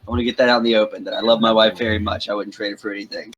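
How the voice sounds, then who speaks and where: A man's voice: lowish voice, little pitch movement, very fast, dull audio, a crowd in the background. A man who is still sick, hosting a casual online game chat over a computer mic and joking around. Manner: joking, rambling. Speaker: streamer hosting the session.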